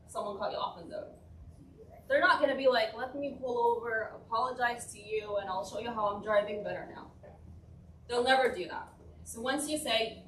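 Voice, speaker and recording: A woman's voice: medium pitch, a bit bright. A woman family therapist giving an interactive workshop, talking conversationally and checking in with her listeners. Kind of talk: interactive talk to a group. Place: church hall. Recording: echoey room, distant mic, faint noise.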